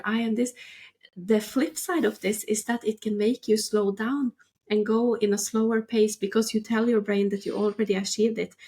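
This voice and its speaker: A fairly high-pitched woman co-hosting a podcast in casual chat. She speaks with steady enthusiasm, encouraging her co-host and the listeners about mindset and goals.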